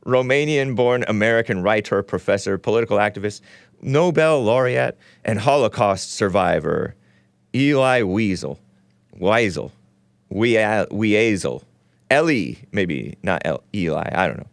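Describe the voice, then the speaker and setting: A man's voice: lowish voice, expressive, measured pace, vocal fry, no room sound. A man hosting a casual call-in talk show, rambling and sarcastic, reading news aloud with his own running commentary and stumbling over names.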